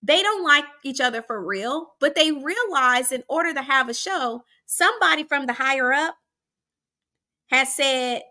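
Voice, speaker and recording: A woman from Arkansas, hosting a show and telling a story in a chatty, animated way straight to her listeners. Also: sits high, unhurried. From Arkansas, USA. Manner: chatty and animated, often addressing listeners directly. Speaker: host. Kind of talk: casual storytelling to the audience.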